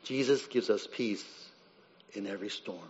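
A man preaching a sermon, who swings between soft, low reflection and loud, high-pitched dramatic retellings. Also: moderate pace. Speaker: pastor. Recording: dull sound with long reverb in a large hall.

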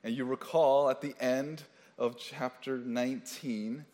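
A male pastor preaches in an easygoing, conversational manner, often backing up to restart a phrase and dropping in offhand asides. His voice sits at an ordinary middle pitch for a man. The sound carries the long, lingering reverb of a large church hall. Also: steady tone, a little slow, a little mellow. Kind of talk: sermon.

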